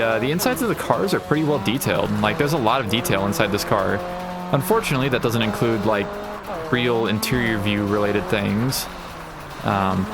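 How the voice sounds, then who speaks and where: A man giving casual, rambling commentary on a game playthrough, thinking aloud with wry asides. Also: mid-range voice. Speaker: gaming channel host. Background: racing game sounds and music.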